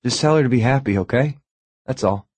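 A man voicing a heartbroken young man who talks hoarsely and haltingly. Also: mid-range voice, a little mellow, no room sound, voice pushed up, close to an everyday voice. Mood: strained sad.

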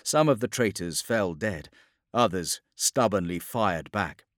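A man narrating a war story as a scripted audiobook, in a steady, dramatic storytelling delivery. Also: deep voice, unhurried, no echo, studio quality.

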